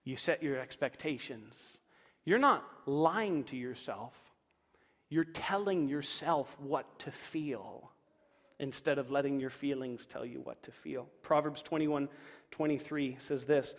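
A man preaching a sermon in an animated way, acting out inner voices and laughing now and then. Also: fairly high pitch, unhurried, long reverb tail. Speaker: pastor.

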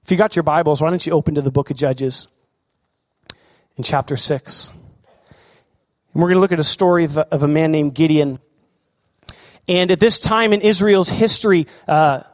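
A man with a high voice preaches a lively sermon, asking the congregation questions. His voice rings out with a long reverb in a large hall. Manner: animated preaching, asks the crowd questions. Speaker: pastor.

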